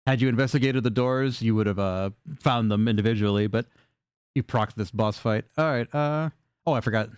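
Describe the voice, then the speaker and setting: A man's voice: fairly low pitch, normal speed, clean tone, no room sound, clean studio sound. A man running a tabletop game as game master, narrating playfully with laughter and swearing.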